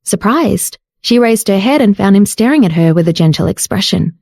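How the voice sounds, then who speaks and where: A woman reads an audiobook novel in steady scripted narration. Her voice sits at a middle pitch with a mellow, warm tone. The sound is close and dry. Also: normal speed, creaky, no echo. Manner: steady storytelling reading.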